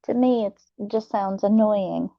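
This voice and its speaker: A young adult woman, hosting a late-night live chat, talking softly and laughing often. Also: medium pitch, gravelly, no echo, lo-fi sound. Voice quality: soft, slow, laughs often. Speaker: channel host reading live chat.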